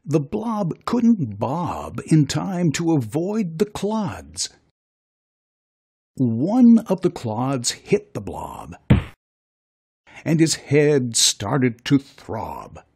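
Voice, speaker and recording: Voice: mid-range voice, drawn-out words, breathy edge. 絵本を読み聞かせる語り手。抑揚が非常に豊かで歌うような語り口。ゆっくりとしたペースで、柔らかく暗めの、息の混じった声。. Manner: sing-song, expressive. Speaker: narrator. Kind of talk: children's storybook reading.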